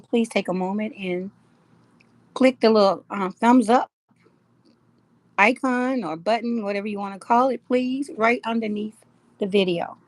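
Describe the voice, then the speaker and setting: A woman's voice: a little high, no room sound. Middle-aged woman, friendly live-stream host, chatty, laughs a lot, greets viewers by name, dry close mic.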